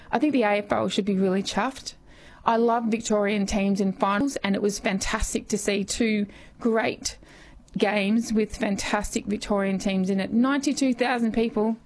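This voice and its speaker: A woman with an Australian accent and a scratchy, hoarse voice, talking football with passion on talkback radio. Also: mid-range voice, steady tone, normal speed, darkish tone. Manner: enthusiastic, passionate. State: hoarse from yelling. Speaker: sport commentator.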